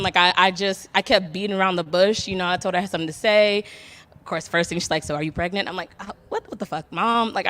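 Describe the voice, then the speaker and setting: A young woman stands before a live audience and tells her own story in a candid, rambling way, laughing often. Her voice sits at an ordinary middle pitch. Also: a bit bright. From Detroit. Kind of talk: personal storytelling. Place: barbershop.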